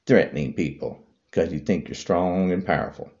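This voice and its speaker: A man's voice: normal speed, darkish tone, muffled recording. A man delivering an angry political rant to camera, hurling repetitive insults. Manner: heated, repetitive insults, voice swinging high and low. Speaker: vlogger.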